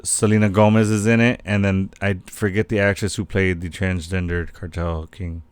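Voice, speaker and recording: A man co-hosting a podcast, chatting casually and loosely with frequent swearing and quick asides. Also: sits low, level tone, clear, resonant tone. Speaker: podcast co-host. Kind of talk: casual chat.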